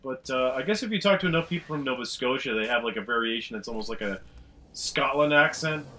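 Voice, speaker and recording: A man's voice: medium pitch, animated, quick pace, pushed and bright, a little hiss or hum, low-quality recording. A man with a Canadian accent, chatting and rambling casually during a co-op game session over a headset. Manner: chatty and rambling, laughs easily. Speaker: gaming commentator. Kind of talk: casual co-op chat over gameplay.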